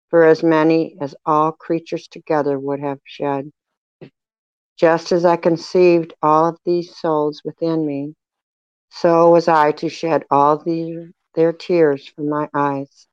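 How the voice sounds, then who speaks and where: A reader voicing a sorrowful, tender Jesus in a devotional reading, with a measured, even delivery. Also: medium pitch, clean tone, no room sound, highs cut off, natural voice. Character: sorrowful man speaking as Jesus, tender and grieving.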